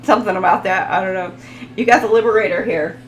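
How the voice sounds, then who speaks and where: A woman's voice: medium pitch, fast talker, roomy sound, slight background noise, rough recording. A woman giving a casual tarot reading, rambling, giggling and reading card text aloud. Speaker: tarot reader.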